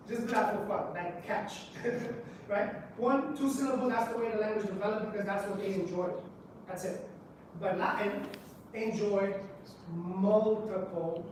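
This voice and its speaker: A man giving a conference presentation to a live audience, drawing listeners in with questions and repeated "right?" checks. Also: sits high. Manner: engaging, quizzes the audience with rhetorical questions. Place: public library meeting room. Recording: echoey room, voice from a distance, background noise.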